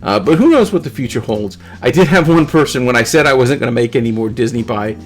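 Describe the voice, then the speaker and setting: A man's voice: medium pitch, lively intonation, quick pace. A middle-aged man hosting his channel, casually talking through viewer comments in a rambling, good-humored way. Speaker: YouTube channel host. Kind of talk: casual talk to camera, reading viewer comments.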